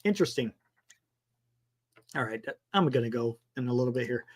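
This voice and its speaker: A man hosting a sports talk livestream, rambling casually and thinking out loud, with some mild swearing. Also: medium pitch, expressive, a little fast.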